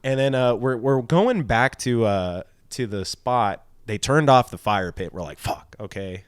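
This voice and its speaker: A man's voice: mid-range voice, animated, unhurried, clear, resonant tone, no room sound, clean studio sound. A young man co-hosting a podcast, telling a drunken story in a rambling, profane way with lots of fillers. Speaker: podcast co-host. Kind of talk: casual storytelling.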